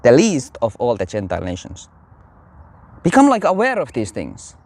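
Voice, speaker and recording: A man talks through religious commentary in a loose, rambling way, full of fillers and restarts. His pitch swings widely as he goes. It sounds like casual commentary, not a polished sermon. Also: normal speed. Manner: rambling, animated, many fillers.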